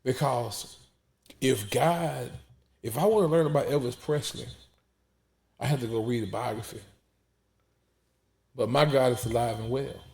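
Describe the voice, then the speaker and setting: A man's voice: mid-range voice, unhurried, vocal fry, long pauses, a little mellow. A man, testifying in an emphatic preaching style that repeats words and drops almost to a whisper when emotional. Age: 40s.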